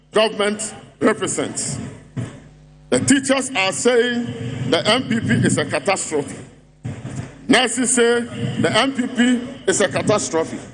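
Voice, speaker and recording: A man's voice: very high-pitched, fairly bright tone. A man with a Ghanaian English accent delivering a mocking, rhetorical speech at a party congress, driving his points home through repetition. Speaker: political speaker at party congress. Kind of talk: rally speech.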